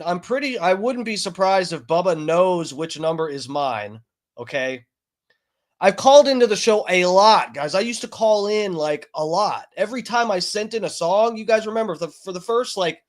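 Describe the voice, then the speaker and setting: A man streaming, telling a long story in a profane, rambling way with many fillers and restarts. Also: high voice. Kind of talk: casual ranting story.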